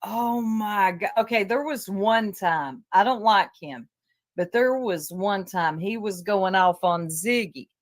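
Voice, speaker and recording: A woman's voice: medium pitch, takes it slowly. Blunt Southern woman streamer. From Tennessee. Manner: blunt, gossipy, laughs often. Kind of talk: casual livestream commentary.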